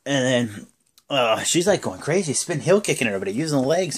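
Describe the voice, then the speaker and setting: A man's voice: medium pitch, big pitch swings, brisk, husky. A young man casually recapping a wrestling show, rambling through the action with lots of fillers and bursts of acted-out quotes. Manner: rambling play-by-play with many fillers, acting out quotes.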